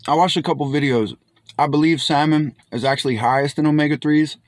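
A man's voice: a little high, fairly even intonation, a little fast, dry recording. A young man hosting a casual food review vlog, enthusiastic and exclaiming as he tastes, often calling out to his friends. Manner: enthusiastic, keeps saying "my friends"; exclaims while tasting.

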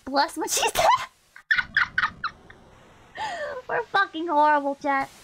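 A woman's voice: very high voice, huge pitch swings, slow, heavy background noise. A woman streamer giving casual, brash game commentary, swearing often and laughing a lot.

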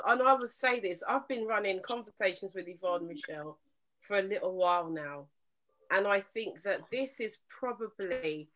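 A woman's voice: mid-range voice, a bit bright, rough recording. A woman hosting a live relationship talk show, chatting casually with callers, laughing often and turning earnest when she urges listeners.

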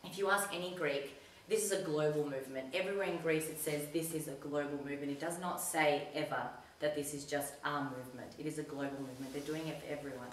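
A woman telling a personal story in a casual talk to an audience, chatty and animated when she quotes herself. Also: low voice, fast, hardly any pauses, slight background noise. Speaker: community talk speaker. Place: community centre hall. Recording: echoey hall recorded from a distance.

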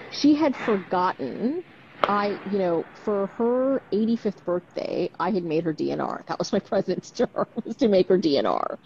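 A woman's voice: mid-range voice, dark tone, slightly rough. A woman doctor talking frankly and animatedly on a live stream, often ending with tag questions. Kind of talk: casual conversation on a live stream. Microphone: video call. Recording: dull lo-fi live stream audio.

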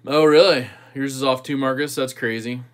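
A man's voice: mid-range voice, fairly even intonation, normal speed. A man hosting a knife channel livestream, chatting casually with viewers and thinking aloud while he tinkers with a knife.

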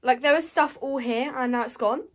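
A woman's voice: high voice, normal speed. A young woman talking casually to camera as she tidies her bedroom, rambling and correcting herself as she goes. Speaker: vlogger.

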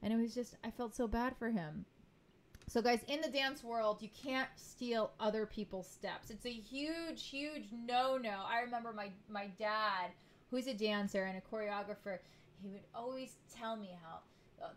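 A woman's voice: fairly high pitch, normal speed. A young woman hosting a reaction video, talking casually to her viewers and rambling with many restarts. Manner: rambling and chatty, often restarting sentences. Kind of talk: casual chat to camera.

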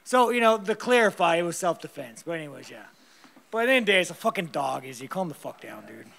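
A man's voice: fairly high pitch, animated, quick pace, creaky, a bit bright. A man answering press questions after a fight, blunt and rambling, swearing heavily and tired.

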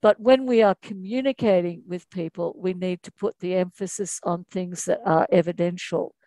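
A woman hosting a group video call, moderating in a measured way. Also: on the low side, fairly even intonation, mellow, no room sound. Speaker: host.

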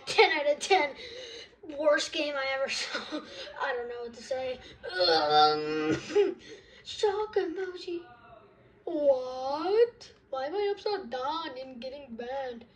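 A young woman giving casual, giggly commentary while she plays a video game, reacting out loud in a scattered way. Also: high-pitched. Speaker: gaming video creator.

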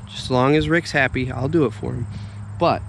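A man's voice: mid-range voice, brisk, creaky, background noise. A man who runs heavy equipment, talking casually as he walks a building site, grumbling and explaining his work step by step. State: chewing a little. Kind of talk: casual walk-and-talk vlog.

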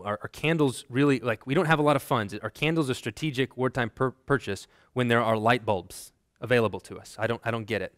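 A man's voice: mid-range voice, fast talker, a bit bright, no room sound, studio quality. A man from Texas teaching a seminary class. He tells personal stories in a conversational way, with frequent ums and restarts, and builds to emphatic lists. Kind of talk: classroom lecture with personal anecdotes.

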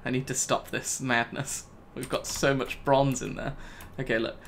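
Male gamer, casual commentary, exasperated self-talk, average pitch, faint typing. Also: level tone, moderate pace, fairly bright tone, a little hiss or hum. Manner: self-talking, exasperated, laughs at himself. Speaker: gaming YouTuber. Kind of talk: casual Let's Play commentary.

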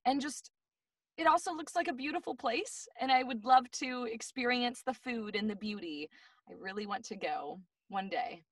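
A woman's voice: a little high, normal speed, a bit bright, dry recording. A woman voice actress chatting as an interview guest, bubbly and gushing, often giggling. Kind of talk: casual interview chat. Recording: dry, slightly distant mic.

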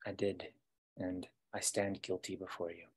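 A man's voice: sits low, little pitch movement, a little slow, breathy edge. A man voicing a meek young prince. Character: young male prince, earnest adolescent.

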